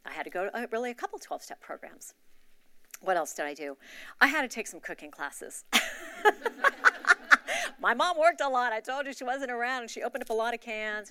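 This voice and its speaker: At a church gathering, a woman with a lowish, fairly bright voice speaks conversationally, offering a candid and confessional account of her life.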